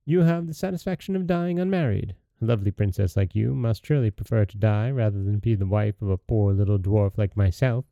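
A man's voice: fairly low pitch, brisk, creaky, few pauses, warm tone, dry recording. A man voicing a malicious little dwarf who talks in a wheedling, spiteful way.

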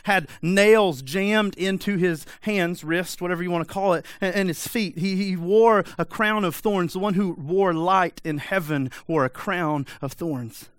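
A man's voice: sits high, a little slow, hardly any pauses, smooth, no room sound. A man preaching a sermon, pressing his listeners with repeated rhetorical questions in a direct, urgent manner. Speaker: pastor.

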